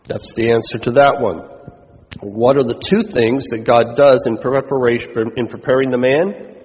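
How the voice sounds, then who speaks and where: A man's voice: medium pitch, fairly even intonation, moderate pace, a little mellow. A man preaching a sermon as pastor, chatting with the congregation and throwing questions back at them. His voice sits in a middle register. The recording is muffled and carries a long hall echo.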